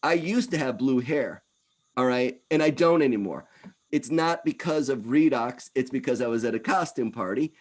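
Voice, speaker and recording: A man in his fifties giving a lively presentation talk. His voice sits in a middle pitch, and he speaks with energy, rushing through some phrases and slowing for others. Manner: energetic, animated, quick bursts. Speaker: wellness speaker.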